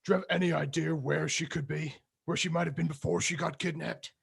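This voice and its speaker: A man doing a gravelly, menacing female vigilante. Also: fairly high pitch, fairly even intonation, a little fast, heavily acted. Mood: urgent. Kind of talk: comedic live script reading.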